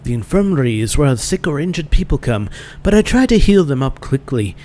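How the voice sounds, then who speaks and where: Kindly woman healer with a shaky Irish accent, pitched high and loud, as a man fakes it. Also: very animated, fairly quick, slight background noise, lightly acted. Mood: cheerful. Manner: put-on, wobbly lilt, cheerful. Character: kindly female healer and paladin teacher.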